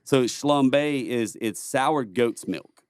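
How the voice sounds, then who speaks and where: A man's voice: mid-range voice, drawn-out words, clean tone, dry recording. A middle-aged man telling war stories as a podcast guest, rambling, swearing and laughing often. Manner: rambling, laughs a lot, profane. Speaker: podcast guest, former Marine. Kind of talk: casual storytelling chat.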